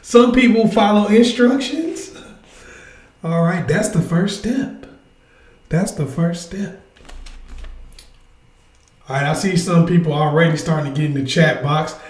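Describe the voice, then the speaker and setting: Energetic man hosting a live chat, roomy echo. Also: fairly high pitch, a little slow, long pauses. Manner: energetic, urging viewers to interact. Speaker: livestream host. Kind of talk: casual live chat with viewers.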